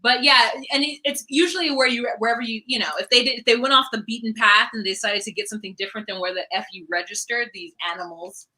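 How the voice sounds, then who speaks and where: Woman, very bright tone, blunt, opinionated, casual chat. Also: a little high, steady tone, fast talker, few pauses, low-quality recording. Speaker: co-host of a reality TV recap show.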